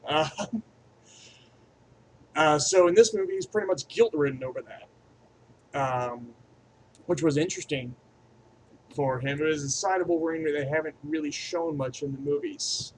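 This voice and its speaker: A man's voice: on the high side, normal speed, long pauses, slight background noise, rough recording. Crude, rambling man reviewing a movie. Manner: crude and profane, rambling aside-heavy delivery; enthusiastic, swinging between loud bursts and mumbled asides.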